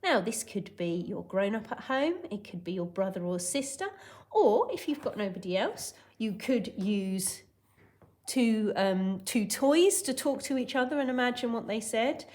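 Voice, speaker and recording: Woman teacher, lively intonation, clear step-by-step dictation. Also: fairly high pitch, unhurried. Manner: clear, dictating sentences word by word. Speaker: primary school teacher. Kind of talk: recorded classroom lesson.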